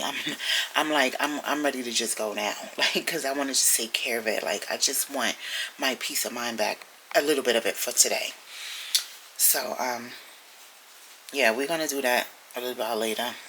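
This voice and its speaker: A woman vlogging from home, telling a story in a chatty, animated way that sometimes drops to a whisper. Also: rumbling low, a little hiss or hum, poor audio. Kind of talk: casual storytelling chat. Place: at home indoors.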